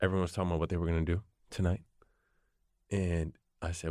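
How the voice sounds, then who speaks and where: A man's voice: sits low, little pitch movement, fast, darkish tone, no echo, studio quality. A man hosting a podcast, reflecting aloud and telling a story in short, emphatic phrases. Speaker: podcast host. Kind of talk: casual conversation.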